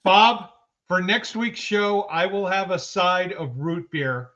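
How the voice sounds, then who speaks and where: A man's voice: high voice, pushed and bright, dull audio. A man co-hosting a casual sports podcast, joking and poking fun at himself. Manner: joking, self-deprecating, unhurried. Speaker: podcast co-host.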